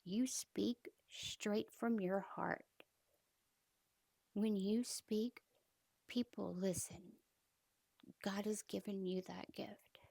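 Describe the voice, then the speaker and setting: A woman's voice: mid-range voice, slow, gravelly, darkish tone, no echo. A woman doing a firm, earnest female team captain. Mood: encouraging.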